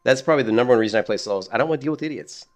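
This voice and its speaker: A man's voice: medium pitch, very fast, soft background music. A middle-aged man chatting casually while streaming a game, rambling, swearing and laughing at his own stories. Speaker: gaming streamer.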